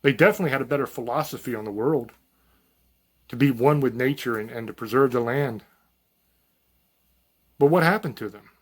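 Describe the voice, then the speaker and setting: A man's voice: medium pitch, brisk, long pauses. A man giving an unscripted monologue to camera as a channel host, talking in a blunt, profane, folksy and rambling way.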